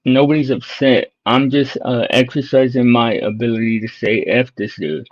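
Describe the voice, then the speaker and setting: A man's voice: mid-range voice, steady tone, moderate pace. Blunt mocking man, lo-fi stream audio. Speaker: panelist. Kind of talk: casual livestream panel chat.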